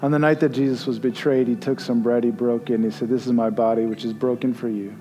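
A man's voice: mid-range voice, fairly even intonation, fast, warm tone. Male pastor, conversational sermon, emphatic peaks, faint background music. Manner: conversational, rising emphatic peaks, quoting Jesus. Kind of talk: sermon leading communion.

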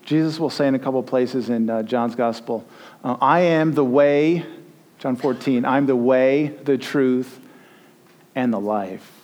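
A man's voice: mid-range voice, measured pace, darkish tone. A male pastor giving a conversational sermon and leading communion, rising to emphatic peaks.

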